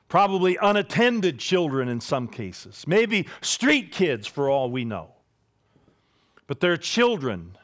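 A man preaching a sermon, building to loud high peaks and dropping to quiet low asides. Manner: dramatic, swings from loud rising peaks to low hushed asides.

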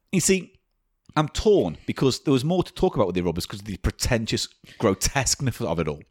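A man's voice: medium pitch, sing-song, normal speed, a little mellow, breathy edge, no room sound, studio quality. A man with a British accent co-hosting a comedy podcast, sardonic and crude in casual banter. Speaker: podcast co-host.

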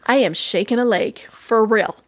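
Woman guest, animated storyteller, slightly high voice, dry close sound, earnest. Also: normal speed, no room sound. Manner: earnest, animated retelling with quoted dialogue. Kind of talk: personal storytelling in a talk interview.

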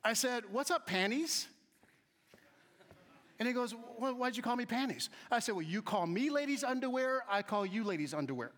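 A man giving a humorous storytelling talk to an audience, acting out the voices of people in his stories and swinging between quiet asides and loud emphasis. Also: very high voice, a little fast, hardly any pauses. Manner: animated, acts out quoted voices, shifts between soft asides and loud emphasis. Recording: long hall reverb.

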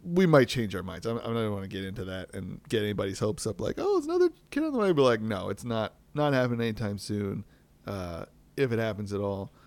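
A man's voice: lowish voice, a little fast, vocal fry, a little mellow, no room sound. A man in his thirties hosting a podcast, talking candidly and at length, rambling with fillers and restarts in a self-deprecating way. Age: 30s. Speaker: podcast host. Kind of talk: candid solo podcast talk.

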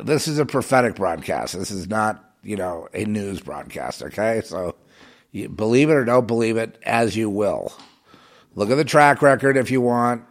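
A man delivering a heated, rambling monologue as a self-styled prophetic broadcaster, swinging between loud outbursts and muttered asides. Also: on the low side. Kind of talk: agitated monologue.

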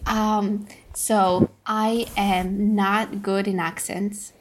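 A woman's voice: medium pitch, flat delivery, extremely slow, slight background noise. A woman guest on a podcast chatting casually, hesitant and giggly. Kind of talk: casual chat.

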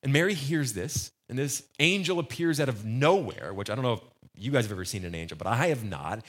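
A man's voice: mid-range voice, animated, a little fast. A man preaching a sermon, conversational with joking asides. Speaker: pastor.

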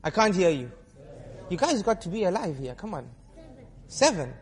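A man's voice: high voice, moderate pace. A male Islamic preacher telling a story in a sermon, quizzing and teasing his audience as he goes. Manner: lively storyteller who quizzes and teases the audience. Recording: long hall reverb.

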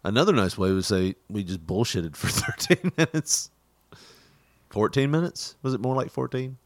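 A man's voice: on the low side, expressive, moderate pace, no echo, studio quality. A man co-hosting a podcast in casual comedic banter, laughing often as he riffs on silly bits. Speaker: podcast host.

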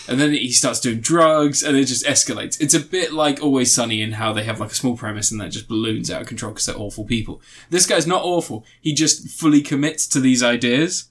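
A man co-hosting a casual podcast, rambling through a show recap and laughing along the way. He speaks at an ordinary, middling pitch. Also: fairly quick, few pauses. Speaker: podcast co-host reviewing shows. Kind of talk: casual chat.

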